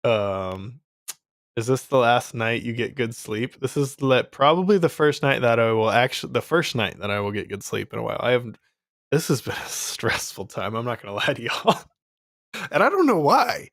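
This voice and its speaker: A man's voice: medium pitch, expressive, moderate pace, fairly bright tone, no room sound, clean studio sound. A young man in casual livestream chat, rambling with many fillers and frequent laughs. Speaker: streamer selling his course.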